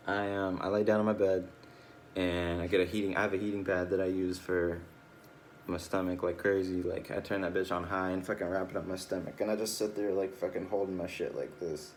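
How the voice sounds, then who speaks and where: A man's voice: low-pitched, a little hiss or hum. A tired, drowsy man rambling through a casual personal video log, swearing often and losing his train of thought. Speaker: video diarist.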